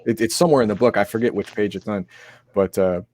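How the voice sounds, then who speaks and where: A man's voice: fairly low pitch, fast talker, a little mellow. A sick man co-hosting an RPG stream, explaining game rules in a rambling way with many restarts. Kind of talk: casual chat.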